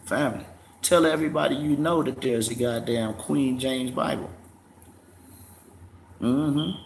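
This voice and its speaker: A man's voice: mid-range voice, a little slow, vocal fry. A man hosting a casual livestream, profane and mocking, laughing often. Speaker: livestream host. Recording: echoey room, faint background noise.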